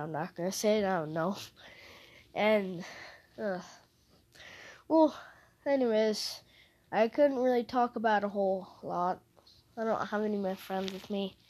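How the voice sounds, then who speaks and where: A young woman talks alone into her podcast mic, speaking slowly. She rambles in a casual way, hesitates and often breaks off her sentences. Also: medium pitch, darkish tone. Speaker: podcast host. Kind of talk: casual solo podcast chat.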